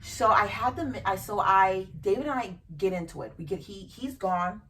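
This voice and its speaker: A woman's voice: mid-range voice, expressive, normal speed, fairly bright tone, a little hiss or hum. A woman hosting a podcast, telling a personal story frankly and emotionally, with casual swearing. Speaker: podcast host. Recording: distant from the mic.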